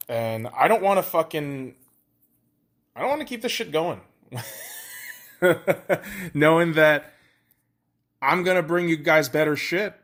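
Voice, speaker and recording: A man's voice: a little high, a bit bright. Profane rambling male podcast host. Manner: profane, rambling, self-deprecating. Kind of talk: casual solo podcast monologue.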